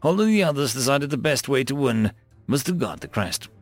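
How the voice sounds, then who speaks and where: A man voicing a calm, courteous male mage who speaks formally and takes defeat well. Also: mid-range voice, a little fast, no echo, faint music behind. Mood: polite.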